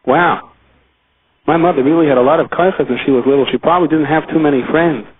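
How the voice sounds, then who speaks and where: A man's voice: on the high side, quick pace, slightly rough, dry recording. A man voicing a child musing in awe about his parents, heard over a tinny phone line. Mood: awed.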